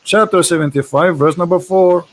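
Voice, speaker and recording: A man with an Arabic accent and a high-pitched voice, debating on a video call. He talks in quick, mocking bursts and often repeats his words. His tone is forceful. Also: poor audio. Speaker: host, debater. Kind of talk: casual debate chat.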